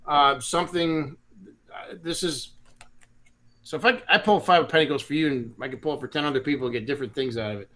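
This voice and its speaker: A man's voice: a little high, fairly bright tone. A man doing a chatty, laid-back tarot reading on a live stream, with frequent restarts. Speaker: tarot reader.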